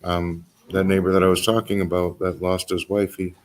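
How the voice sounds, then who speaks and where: A man's voice: sits low, flat delivery, normal speed. A man hosting a talk show, speaking reflectively and hesitantly with frequent ums. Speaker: host. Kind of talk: casual reflective chat.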